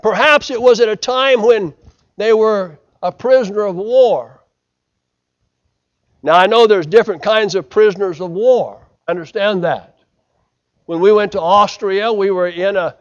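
An American man preaching a sermon, swinging from loud emphasis to hushed delivery and acting out quoted lines. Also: sits high, normal speed, highs cut off. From United States. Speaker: pastor.

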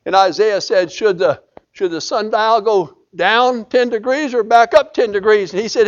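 Guy preaching, high voice, goes from hollering to almost a whisper, kinda muffled lo-fi tape. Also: normal speed. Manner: impassioned, swings from loud cries to hushed pleading. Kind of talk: sermon.

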